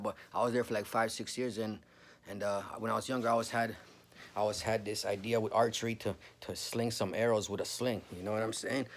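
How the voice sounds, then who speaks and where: A man, telling a story casually, full of slang and swearing. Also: lowish voice. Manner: slangy, swears a lot, says bro often.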